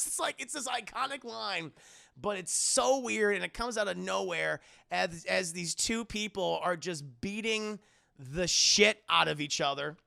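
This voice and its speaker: A man streaming a casual movie recap to his live chat, animated, swearing and laughing as he tells it. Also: high voice, a little slow, gravelly, dry recording, clean studio sound.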